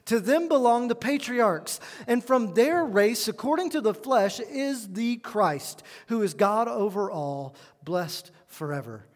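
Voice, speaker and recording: High-voiced preacher in a reverberant hall. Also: male voice, expressive, measured pace, hardly any pauses. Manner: earnest, emphatic preaching with shifts between loud stress and quiet asides. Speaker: pastor. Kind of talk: sermon. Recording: long reverb of a church hall.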